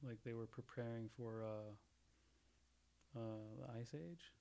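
A man's voice: mid-range voice, takes it slowly, gravelly, warm tone. A man in casual podcast chat, rambling through jokey theories with frequent laughs and restarts.

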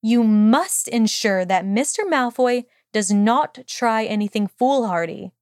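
A woman voicing a strict older headmistress who speaks in a measured, wise and firm way, in an audiobook reading of fan fiction. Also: fairly high pitch, expressive, a little mellow, smooth, no room sound, clean studio sound. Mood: stern.

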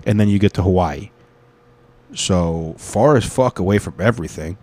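A man hosting a solo talk show, rambling in a profane, excitable rant and reading an article aloud. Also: sits low, moderate pace. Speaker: podcast host.

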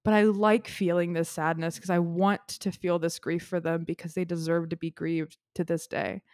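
On the low side and a little mellow, her delivery is flat at a moderate pace. This podcast co-host is tearful, crying and sniffling as she earnestly rambles through an emotional discussion of a film she loves, in a dry, clean studio recording.

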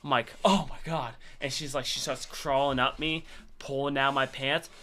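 A man's voice: mid-range voice, fairly even intonation, normal speed, bright, forceful tone. A young adult man hosting a podcast, telling crude stories in a rambling way with many fillers. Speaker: podcast host. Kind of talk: casual podcast chat.

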